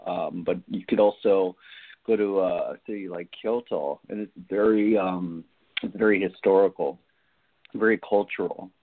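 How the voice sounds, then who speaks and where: Guest, male actor, lowish voice, hesitant and halting, over a tinny phone line. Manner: hesitant, lots of ums and restarts. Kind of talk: casual phone interview.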